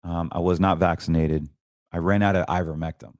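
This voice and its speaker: Talking a little fast in a steady, very deep voice, a middle-aged podcast host gives an earnest, sermon-like personal testimony amid casual talk. His tone falls quieter when he gets emotional, and the sound is dry and close with no room ambience.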